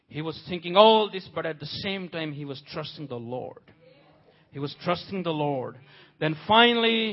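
A man preaching a sermon with passion, swinging from soft, quiet passages to loud, pleading cries. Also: sits high. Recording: dull lo-fi audio.

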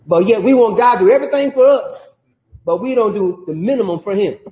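A man preaching a sermon in a conversational style, pausing for call-outs from the congregation. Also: high voice, expressive. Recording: roomy, dull lo-fi sermon audio.

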